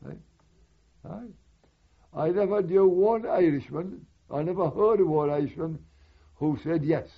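A man's voice: a little high, a little slow, gravelly, long pauses, slightly rough. An older man, a war veteran, recalling his memories in a rambling, conversational oral-history telling with asides. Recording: dull lo-fi recording.

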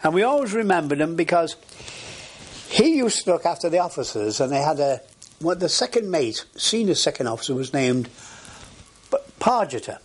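A man's voice: a little high, very animated, normal speed, husky. An older man recalls his past in an archival oral history interview. He rambles, with many fillers and restarts, in an everyday conversational voice.

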